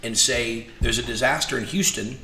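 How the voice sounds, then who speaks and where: A man's voice: mid-range voice, normal speed. A man guest in a conversation, telling stories animatedly and acting out the dialogue. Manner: animated storyteller, acts out quoted dialogue. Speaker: interview guest. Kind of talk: casual storytelling in conversation. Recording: echoey room with faint noise.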